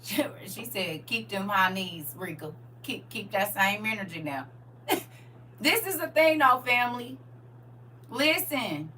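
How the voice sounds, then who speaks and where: Lively, bright-voiced woman talking faith. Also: a little high, recorded from a distance, a little hiss or hum. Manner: animated, laughing often, reading comments aloud. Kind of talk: casual faith talk to viewers.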